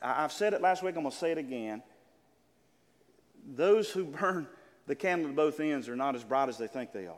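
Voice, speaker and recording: An older man preaching a sermon to a congregation, calling out amens and building to loud, exclaimed lines. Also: a little high, expressive, a little fast, long pauses. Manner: preaching with call-and-response amens, building to shouts. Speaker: pastor. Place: church. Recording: church hall with long reverb.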